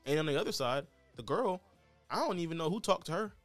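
A man's voice: a little high, expressive, fast, soft background music. A man co-hosting a podcast in casual chat, rambling and hedging as he talks over reality TV. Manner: rambling, hedging, with frequent restarts. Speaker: podcast co-host.

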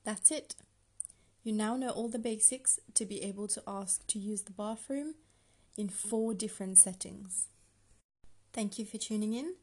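A woman teaching a language lesson on a podcast, patient and slow, breaking phrases down for the listener to repeat. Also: mid-range voice, dark tone, husky.

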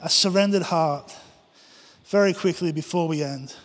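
A man's voice: a little high, normal speed. A man preaching a passionate sermon to his church, acting out prayers and quotes. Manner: impassioned, acts out prayers and quotes. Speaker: pastor. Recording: long hall reverb.

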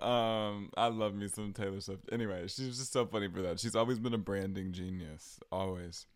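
A man's voice: fairly low pitch, steady tone, brisk, few pauses, clean tone, no echo. A young man with a Southern accent, chatting casually on his solo podcast with frequent ums and likes. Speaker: podcast host.

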